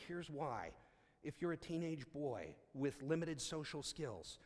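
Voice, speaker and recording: A man telling a story aloud, acting out the dialogue with lots of restarts. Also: medium pitch. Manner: animated, acts out dialogue, frequent restarts. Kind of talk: storytelling talk. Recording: long hall reverb.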